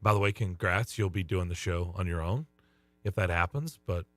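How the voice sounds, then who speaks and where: A middle-aged man who coaches youth baseball, co-hosting a sports radio show with a somewhat hoarse voice and teasing, upbeat banter. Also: sits low, moderate pace, a bit bright, dry recording, soft background music. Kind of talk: casual radio chat.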